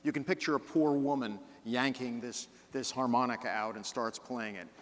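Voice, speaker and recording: A man in his fifties giving a storytelling keynote speech, swinging between loud bursts and hushed, slow phrases for emphasis. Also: mid-range voice, steady tone. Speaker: conference keynote speaker. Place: large conference hall. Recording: long reverb of a large hall.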